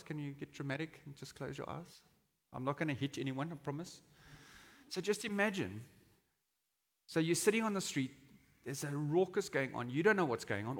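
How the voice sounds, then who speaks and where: Bright-voiced male pastor in a reverberant hall. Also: fairly high pitch. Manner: conversational, dramatizes quotes with shouting. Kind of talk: sermon. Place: church hall. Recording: long reverb of a church hall.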